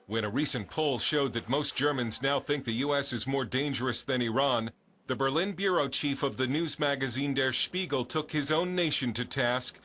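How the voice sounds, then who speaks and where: A man narrating a documentary in an even, scripted delivery. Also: mid-range voice.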